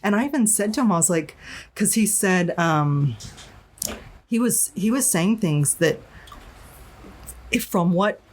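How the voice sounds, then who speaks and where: A woman's voice: medium pitch, lively intonation, unhurried, pauses often, darkish tone. A woman from Arizona, a podcast guest, telling a personal story in a candid, frank way, with many restarts and some swearing. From Arizona, USA. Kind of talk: casual storytelling interview.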